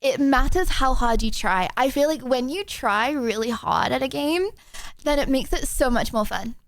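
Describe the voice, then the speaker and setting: A woman's voice: sits high, moderate pace. A young adult woman streamer hosting a casual livestream chat, bubbly and chatty, full of filler words. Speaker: streamer host.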